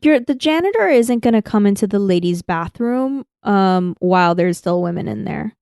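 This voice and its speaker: A woman's voice: mid-range voice, expressive, moderate pace, gravelly, a little mellow, smooth, no echo, studio quality. A woman co-hosting a podcast, recapping a story in casual chat and giggling. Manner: recaps plot with acted-out quotes, giggly. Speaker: podcast co-host.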